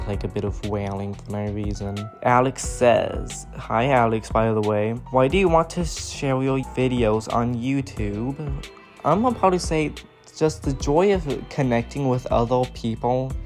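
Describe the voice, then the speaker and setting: Young guy yapping thru a q&a, slangy and chill, kinda tired sounding, quiet game music behind. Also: on the low side. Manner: rambling, slangy and laid-back; slumped posture, sounds tired. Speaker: gaming content creator. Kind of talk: casual Q&A chat.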